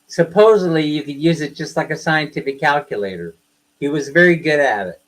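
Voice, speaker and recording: A man's voice: mid-range voice, poor audio. A middle-aged man hosting a livestream, reading jokes aloud and chatting with his viewers, laughing at his own punchlines and wandering into asides. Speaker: livestream host.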